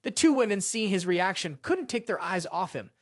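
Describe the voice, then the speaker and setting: Animated drama recap narrator. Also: medium pitch, moderate pace, dry recording, clean studio sound.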